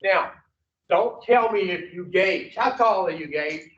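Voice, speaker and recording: A high-voiced man preaching to a recovery group, blunt and profane, tossing question after question at his listeners. He is heard from a distance in a roomy space, and the sound is dull and muffled. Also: a little slow, a bit bright. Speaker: recovery speaker. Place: meeting room at an addiction recovery center.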